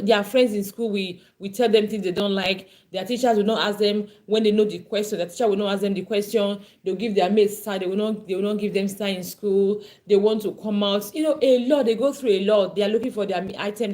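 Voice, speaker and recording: A woman's voice: mid-range voice, dark tone. A woman parenting coach teaching an online class, earnest and emphatic, often repeating her points.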